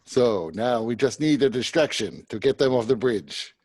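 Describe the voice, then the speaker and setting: Male player, casual and wry, quick dry jokes. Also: medium pitch, darkish tone. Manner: dry, joking remarks. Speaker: tabletop game player. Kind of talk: casual chat.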